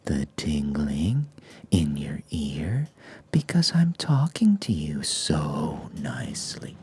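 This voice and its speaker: Whispered role-play, fawning hat-shop clerk played by a man, slow breathy cooing, low gravelly hush, comic ASMR bit. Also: exaggerated voice.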